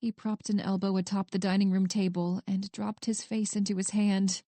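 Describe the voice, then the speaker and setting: Woman reading a romance audiobook, even and measured, dry close sound. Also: medium pitch, no echo. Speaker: audiobook narrator. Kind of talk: scripted romance narration.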